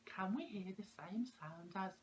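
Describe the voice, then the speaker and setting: A woman, a preschool teacher explaining classroom activities to parents, clear and slow, stressing the sounds of words. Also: mid-range voice, a little hiss or hum, poor audio.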